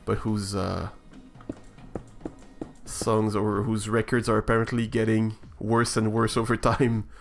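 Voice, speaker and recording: A man's voice: on the low side, completely flat delivery, unhurried, creaky, long pauses, faint music behind. A man streaming a building game, talking over his play in a hesitant, reflective way with many restarts. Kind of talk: casual live-stream chat while building.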